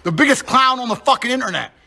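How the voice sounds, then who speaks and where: A man hurls an aggressive, profane challenge, taunting his target. His voice is high and sharply forceful, with a tense edge throughout. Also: animated, fast talker, creaky. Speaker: internet personality. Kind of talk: confrontational callout rant.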